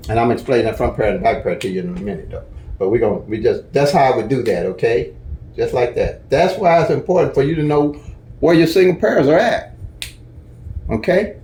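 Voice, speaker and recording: Chatty man with a mellow voice in an echoey room. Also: medium pitch, lively intonation, a little fast. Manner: folksy, chatty, repeats "okay?" to check in. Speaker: lottery strategy teacher. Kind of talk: casual tutorial walkthrough.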